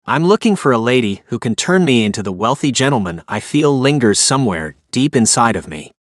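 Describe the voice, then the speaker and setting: A man's voice: mid-range voice, big pitch swings, brisk, dry recording, clean studio sound, natural voice. A man voicing a plain-spoken, self-deprecating country man who suddenly became rich, in an audiobook. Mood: earnest.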